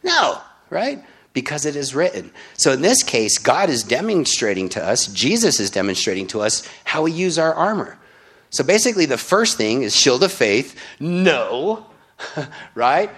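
A man's voice: a little high, sing-song, measured pace, fairly bright tone, breathy edge. Casual man preaching, keeps asking "right?". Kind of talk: conversational Bible teaching.

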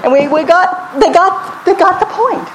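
A woman preaching a sermon, animated and leading the congregation to repeat scripture back to her. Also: very high voice, measured pace, a little hiss or hum. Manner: lively, calls on the congregation to repeat.

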